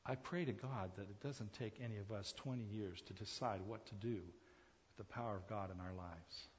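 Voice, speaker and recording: A man preaching a sermon as pastor, shifting from hushed, low lines to loud, high exclamations, with chuckles and restarts. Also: moderate pace, slight background noise. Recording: dull reverberant hall sound.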